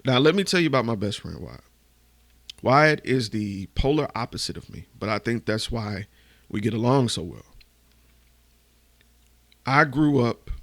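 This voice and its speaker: A man podcast host telling a candid, emotional personal story, swearing casually and going hushed at the painful parts. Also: lowish voice, vocal fry, dry recording.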